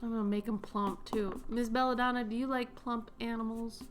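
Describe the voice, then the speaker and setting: A woman's voice: fairly high pitch, fairly even intonation, fairly quick, slight background noise. Playful, giggly young woman streamer. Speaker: artist streamer. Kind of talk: casual chat while drawing.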